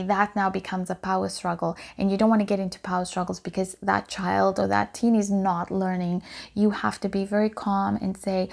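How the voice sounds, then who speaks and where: A middle-aged woman hosting a solo parenting podcast, giving calm, earnest advice with frequent ums and restarts. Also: medium pitch, normal speed, gravelly. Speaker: podcast host.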